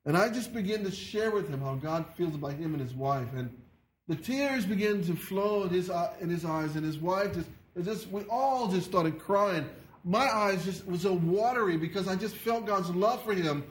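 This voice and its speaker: A man preaching a sermon in an earnest, halting way, often repeating his words. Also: high-pitched, expressive. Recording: echoey room.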